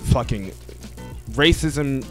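A man's voice: medium pitch, slow, over music. A man co-hosting a casual group podcast, rambling and emphatic as he makes his point. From United States. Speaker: podcast co-host.

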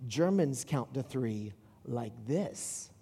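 A man giving a casual sermon in a church, retelling a film scene in an animated, rambling way. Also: medium pitch, slow, breathy edge, in a large hall. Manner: animated storytelling with asides and restarts. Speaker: pastor.

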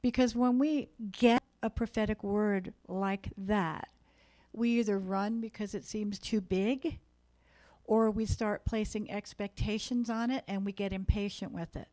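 A woman's voice: medium pitch, fairly even intonation, measured pace, mellow. Earnest woman preaching to a congregation. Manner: earnest, exhorting, speaks to the room. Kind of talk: sermon. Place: church meeting room.

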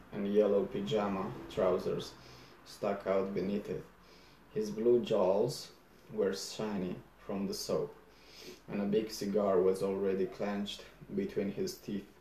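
A man narrating a first-person story aloud in a measured, deadpan manner. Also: on the low side, slight background noise. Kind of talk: first-person audiobook reading. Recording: roomy echo.

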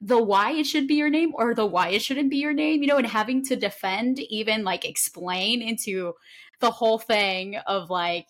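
Fast-talking Honduran woman podcast host. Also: a little high. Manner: fast, with many restarts and laughs. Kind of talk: casual conversation.

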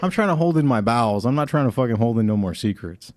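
A man joking in casual podcast banter, rambling and profane, often slipping into quick mocking impressions. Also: medium pitch, lively intonation, a little mellow, dry recording, clean studio sound. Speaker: comedy podcast panelist.

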